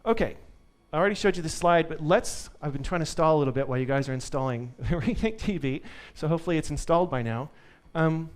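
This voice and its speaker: A man's voice: a little high, quick pace, few pauses. Upbeat man giving a tech talk. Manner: upbeat, joking, lively. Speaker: conference speaker. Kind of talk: live tech talk with audience.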